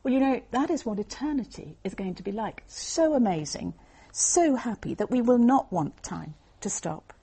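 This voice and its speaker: A woman giving an earnest, measured Christian talk to a group, explaining Bible passages as she reads. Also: a little high, lively intonation, warm tone, breathy edge. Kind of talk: evangelistic talk with Bible reading.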